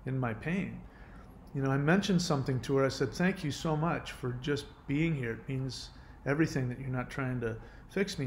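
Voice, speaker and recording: A middle-aged man speaking earnestly to camera in a candid self-help monologue, with many fillers and restarts. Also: a little high.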